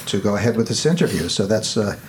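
A man hosts an interview podcast in a lowish voice. He asks curious, measured questions and sometimes restarts his sentences mid-thought. A clear hiss sits behind the recording. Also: lively intonation. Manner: measured, inquisitive, halting restarts. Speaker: podcast host.

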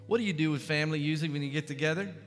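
Man, pastor, fervent sermon delivery, bright tone, hall reverb with soft music behind. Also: on the high side, very fast. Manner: fervent preaching, swings from loud to hushed. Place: church sanctuary.

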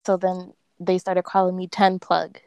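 A woman's voice: on the low side, a little slow, dry recording. Chatty young woman, dry close mic. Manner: excitable storyteller, lots of fillers and restarts. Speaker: podcast co-host. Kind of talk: casual chat among friends.

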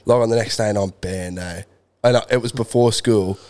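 A man's voice: fairly low pitch, fairly even intonation, brisk, darkish tone. Young male co-host, chatty storyteller, laughs and swears freely. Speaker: podcast co-host. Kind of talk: casual chat, storytelling.

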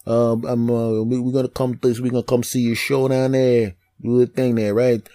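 A man's voice: mid-range voice, little pitch movement, moderate pace, warm tone, lightly acted. A man voicing a brash, pushy male buddy from South Philadelphia with a thick South Philly accent.

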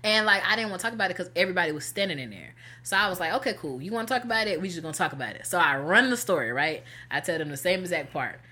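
A woman co-hosting a laid-back talk show, spinning a story in loose slang and acting out what everyone said. Her voice sits a little low for a woman yet sounds bright and forceful. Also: very fast, hardly any pauses. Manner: animated, slangy, acts out quotes. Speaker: podcast co-host. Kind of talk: casual storytelling chat.

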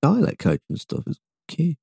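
A man's voice: normal speed, mellow, dry recording, studio quality. A young man from England co-hosting a podcast, chatting casually and rambling with jokes and swearing. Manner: rambling, swearing, jokey with sudden pitch jumps. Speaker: podcast co-host. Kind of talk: casual chat.

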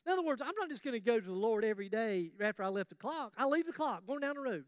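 A high-pitched man preaching to his congregation in a lively, joking, conversational way. His voice is close and dry, with almost no room sound around it. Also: quick pace, hardly any pauses, dry recording. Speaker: pastor. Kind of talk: sermon.

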